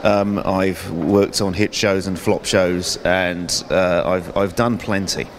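Low-voiced self-deprecating British author. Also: male voice, fairly even intonation, a little hiss or hum. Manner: self-deprecating, halting with restarts. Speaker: author and comedy writer guest. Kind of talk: casual radio chat.

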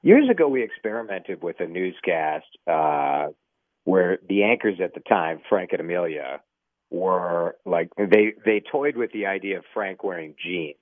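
A man who works as a TV news anchor, a guest on a radio chat show, who speaks in an animated, opinionated way and is quick to joke. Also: deep voice, dry recording, phone-quality sound.

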